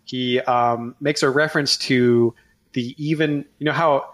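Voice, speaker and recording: A man on a casual podcast, eagerly laying out movie trivia and fun facts to his co-hosts. His voice sits at an average pitch. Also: fairly even intonation, a little slow, a bit bright. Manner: enthusiastic trivia sharer. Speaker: podcast co-host. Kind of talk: casual movie review chat.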